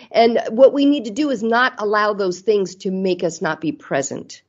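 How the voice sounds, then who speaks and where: A middle-aged guest, a mother of grown children, speaks earnestly and reflectively about parenting in a casual conversation, acting out quoted mom voices. Her medium-pitched voice moves at normal speed with hardly any pauses, and the sound is lo-fi.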